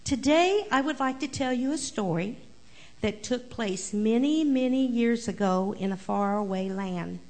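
A woman tells a story to children during a church service. Her voice sits a little high, and she speaks with lively, animated energy that draws the kids in. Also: unhurried. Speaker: children's message presenter.

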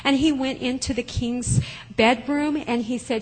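Woman storyteller for a children's sermon, husky voice, long reverb of a church hall. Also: high-pitched, normal speed. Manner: expressive, simple storytelling.

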